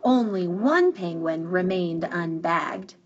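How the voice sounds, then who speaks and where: A woman reading a children's picture book aloud in an animated, expressive way. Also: on the low side, slow pace. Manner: animated, drawing out words for effect. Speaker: storybook reader. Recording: dull, muffled recording with faint music.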